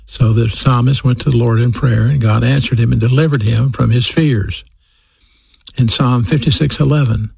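Very gravelly, husky male preacher. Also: medium pitch, steady tone, normal speed, a little mellow, no echo. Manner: emphatic, repeats key phrases for stress; addresses listeners directly. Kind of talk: sermon.

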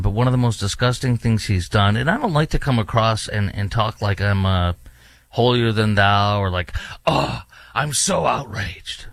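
A man's voice: fairly low pitch, no echo. Heated male talk show host, dry mic. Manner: heated, emphatic, with many fillers. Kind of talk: opinionated talk radio monologue. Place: studio in a large US city.

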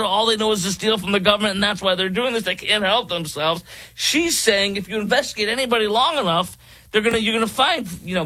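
A man's voice: high-pitched, bright, forceful tone, no echo. A man guest-hosting a political talk radio show, mocking and joking in loose commentary.

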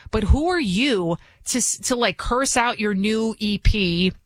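A woman's voice: medium pitch, animated, measured pace, dry recording. A woman filling in as a talk radio host, delivering a combative, scornful monologue full of restarts and asides.

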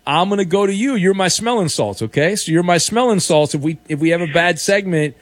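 A man's voice: sits high, lively intonation, fairly quick, no room sound. A male sports talk radio host with a playful, teasing manner, taking calls on a studio mic.

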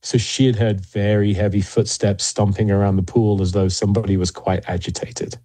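Man, low voice, warm dark tone, husky, dry close sound, measured storytelling. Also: level tone, no echo. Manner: measured, many fillers and restarts. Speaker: paranormal investigator guest. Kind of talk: interview storytelling.

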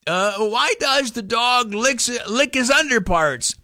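A man's voice: very high voice, expressive, slow pace, pushed and bright, dry recording, studio quality, voice pushed up, full character voice. A man putting on a polite young boy's voice that is timid, whiny and hesitant. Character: polite young boy pestered by grandpa.

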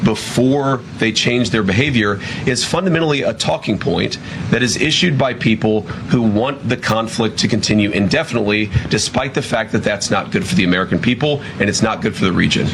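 Earnest low-voiced man over traffic noise. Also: a little fast. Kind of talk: policy commentary.

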